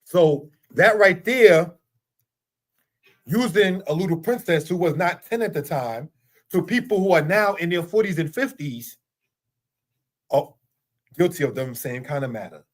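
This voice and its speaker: Middle-aged guy teaching a torah lesson, fairly high voice, keeps asking why, earnest and repetitive. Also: expressive, measured pace, pauses often. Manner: earnest, repetitive, rhetorical questions. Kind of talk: spoken teaching monologue.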